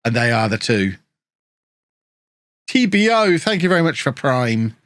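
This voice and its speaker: A man live-streaming a football management game, chatting with viewers and reacting excitedly to the match. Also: mid-range voice, measured pace, no echo. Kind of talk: casual live-stream commentary.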